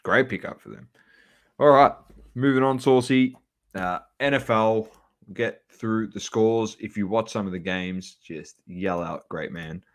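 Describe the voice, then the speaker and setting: A man's voice: on the low side, a little slow. A man with an Australian accent hosting a podcast in casual sports chat, jokey and teasing as he moves through the segments. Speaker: podcast host.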